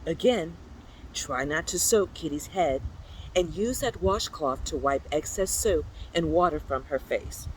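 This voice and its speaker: A storyteller reads a children's picture book aloud with a playful, animated delivery. The pitch swoops up and down, and now and then jumps into high, squeaky exclamations. Faint noise hums in the background. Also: a little slow, low-quality recording.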